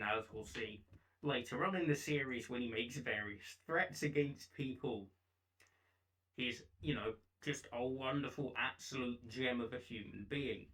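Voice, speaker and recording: A man narrating a commentary video in a dry, sarcastic, deadpan way. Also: mid-range voice, far from the mic, low-quality recording.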